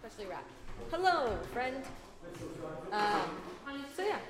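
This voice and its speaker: An American woman with a slightly high voice talks casually and stops to explain English words patiently. She laughs easily. The sound carries a roomy echo. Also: sing-song, measured pace, loud music behind the voice. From United States. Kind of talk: casual conversation.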